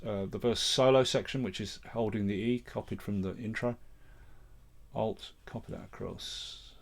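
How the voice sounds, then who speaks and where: A man with an English Midlands accent who teaches music production, talking step by step through a screen-recorded software tutorial. He speaks in a plain, matter-of-fact way into a close vocal mic in a home studio. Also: on the low side. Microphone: vocal mic set up close and loud.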